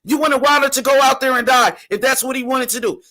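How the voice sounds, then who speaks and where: Hosting a boxing show, a man argues heatedly and insists on being heard, interrupting and repeatedly saying "bro." His voice is extremely high, fast, pushed and bright, and the exchange is a heated casual debate.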